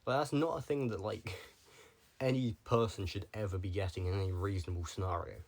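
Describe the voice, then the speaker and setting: A man's voice: fairly low pitch, a little fast. A young man talking casually to the camera, rambling from one tangent to the next with lots of filler words. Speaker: vlogger.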